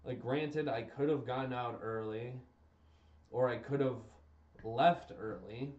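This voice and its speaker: A man's voice: medium pitch, measured pace, a little mellow, far from the mic. A young adult man streaming, talking casually and emphatically, repeating himself as he vents his exasperation. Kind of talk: casual ranting commentary. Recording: roomy, dull lo-fi stream audio.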